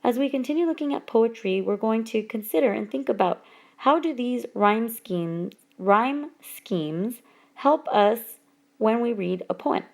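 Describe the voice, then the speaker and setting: A woman teacher giving a recorded lesson over whiteboard slides, speaking slowly and deliberately and stretching out example words. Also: fairly high pitch, animated, gravelly.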